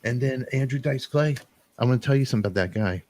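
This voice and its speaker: A middle-aged man hosting a talk show, rambling through animated, emotional storytelling and quoting friends. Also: mid-range voice, quick pace, no echo. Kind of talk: emotional casual chat.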